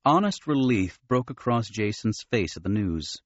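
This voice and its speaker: A man reading an audiobook in an expressive narrating style. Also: on the low side, normal speed, dry recording, dull audio. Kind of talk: scripted narration.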